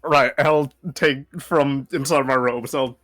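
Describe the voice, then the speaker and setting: A man playing a tabletop game, describing his actions and speaking in character in a hesitant, halting way. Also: medium pitch, steady tone, a bit bright, no echo, clean studio sound. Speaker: player. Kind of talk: casual role-play.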